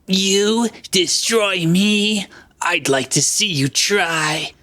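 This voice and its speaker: A man's voice: high voice, very slow, bright, forceful tone, heavily acted. A man playing a smug, drawling young ruler. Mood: contemptuous. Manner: contemptuous, drawling. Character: smug young male trainer, a mountain ruler. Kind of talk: comedic fanfiction read-aloud.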